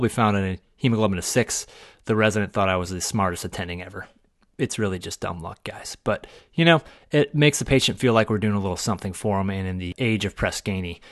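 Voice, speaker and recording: A man talks quickly into a close mic, going through his clinical review with dry humor. His voice sits a little low, and the room is dead and dry with no echo. He sounds like a working emergency doctor walking listeners through his practice. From Ohio. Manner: dry joking asides, then detailed clinical explanation. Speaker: emergency physician giving peer review. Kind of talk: solo podcast commentary.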